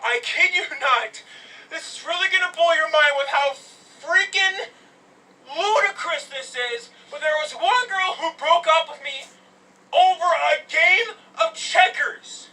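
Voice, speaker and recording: A young man ranting in exasperation, shouting exclamations and then dropping to a mutter. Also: extremely high pitch, measured pace, distant mic, poor audio. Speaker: vlogger. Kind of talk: angry rant.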